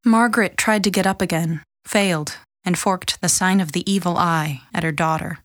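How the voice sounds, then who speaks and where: Reading a novel from script, this audiobook narrator tells the story in a measured, even way. Her voice is fairly low, and the recording is dry with clean studio sound.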